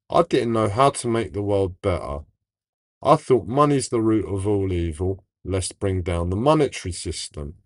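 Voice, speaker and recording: A man's voice: lowish voice, moderate pace, a little mellow, no room sound. A man telling a personal story in a rambling, emotional way, often stopping and restarting himself. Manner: emotional, rambling, self-interrupting. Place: home, livestream.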